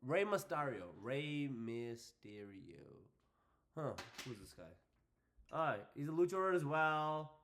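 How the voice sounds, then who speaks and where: A young man hosting a casual wrestling predictions vlog, excitable and hyping things up with repeated phrases. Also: on the high side, slow, a little hiss or hum. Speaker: wrestling channel host.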